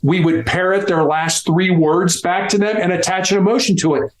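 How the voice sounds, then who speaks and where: A man's voice: sits high, moderate pace, echoey room, low-quality recording. A man, a former hostage negotiator, explaining his techniques in an interview and acting out quoted voices. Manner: animated, acts out quoted voices. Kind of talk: explanatory interview talk with role-play examples.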